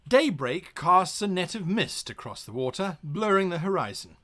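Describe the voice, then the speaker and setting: A man's voice: sits high, expressive, a bit bright. A man streaming live as game master, reading a gamebook aloud and chatting playfully with his viewers. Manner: brisk, playful, talks back to the chat.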